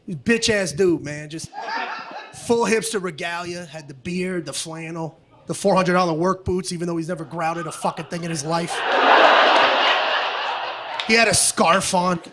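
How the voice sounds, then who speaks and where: A man's voice: high voice, normal speed, pauses often. A man performing a stand-up comedy set, ranting and swearing in a brash, profane way. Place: comedy stage with live audience. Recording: live audience noise.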